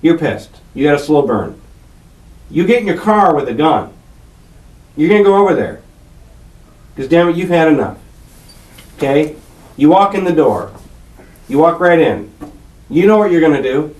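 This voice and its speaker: A man with a high voice grilling a suspect in an interrogation room, swearing and pushing hard for a confession. The room is echoey and he sits well away from the recorder. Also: expressive, a little slow, long pauses, a little mellow. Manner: confrontational, swearing, accusing. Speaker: police detective interrogating a suspect. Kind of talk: police interrogation. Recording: echoey room picked up from far off.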